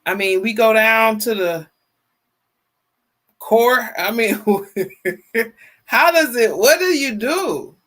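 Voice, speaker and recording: Chatty woman livestream host. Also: a little high. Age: 50s. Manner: lively and chatty, greets viewers by name, repeats herself; colloquial, drawn-out phrasing. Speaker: livestream talk show host. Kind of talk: casual livestream chat, reading viewer comments.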